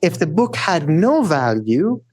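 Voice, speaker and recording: A man telling stories as a guest scholar in a podcast interview, animated and often adding "right?". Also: a little slow, husky, no room sound. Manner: animated storyteller, rising high for emphasis; frequent "right?" tags.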